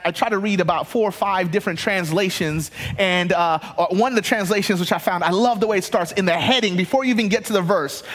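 A man preaching a sermon in an animated way, with laughing asides and frequent restarts. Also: sits high. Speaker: pastor.

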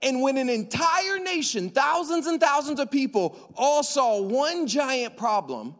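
A man preaching a sermon to a church congregation, animated and joking, acting out dialogue in slang. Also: very high-pitched, normal speed, hardly any pauses. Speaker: pastor. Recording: long hall reverb.

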